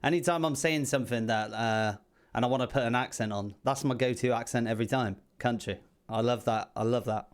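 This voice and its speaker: A man hosting a music reaction video, chatting excitedly and swearing freely. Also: mid-range voice, fairly quick, smooth. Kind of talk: casual reaction commentary.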